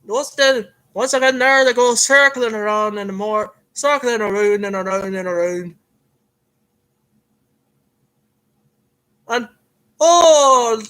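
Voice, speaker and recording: Man doing a fake Irish fight commentator, hammy play-by-play, high voice, bright tone, rambling with fillers. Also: heavily acted, rough recording. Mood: excitable. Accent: put-on Irish, admittedly a bit off.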